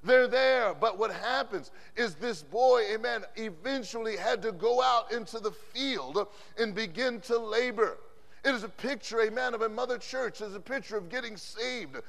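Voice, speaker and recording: Guy preaching, high pitched and gravelly, saying amen a lot, loud then quiet, big hall echo. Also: moderate pace. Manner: punctuates phrases with "amen", swings between loud and hushed. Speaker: pastor. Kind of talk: preached sermon. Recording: long hall reverb from a conference sanctuary.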